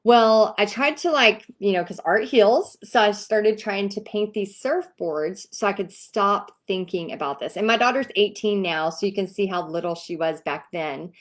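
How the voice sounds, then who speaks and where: Texas lady in her 30s chatting to her viewers, lively storyteller, mid pitch, does little voices for folks. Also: normal speed, few pauses. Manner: animated, acts out quoted voices. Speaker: host.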